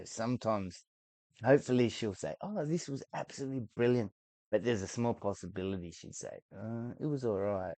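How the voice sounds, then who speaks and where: Excitable swearing man reacting to films. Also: dry recording. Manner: excitable, swears freely, voice leaps high when ranting. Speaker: YouTuber reacting to a film. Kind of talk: casual film reaction chat.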